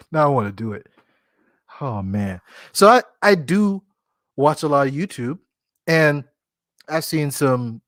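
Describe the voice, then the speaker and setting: A man's voice: a little high, fairly bright tone, dry recording, clean studio sound. A man hosting a casual solo podcast in a playful, joking way, often laughing at himself. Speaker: podcast host.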